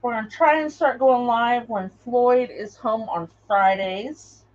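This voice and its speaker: A woman's voice: a little high, measured pace, darkish tone, highs cut off. A woman hosting a craft livestream, chatting in a rambling way and greeting viewers by name as she works. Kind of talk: casual live chat while crafting.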